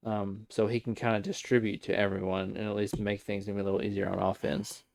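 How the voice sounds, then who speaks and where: A man's voice: fairly low pitch, flat delivery, brisk, creaky, a little mellow, dry recording. A man co-hosting a casual sports chat, easygoing and opinionated. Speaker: podcast co-host.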